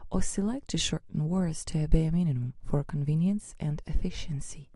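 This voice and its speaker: A woman narrating an educational lesson in a steady, explanatory reading voice. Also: deep voice, no room sound.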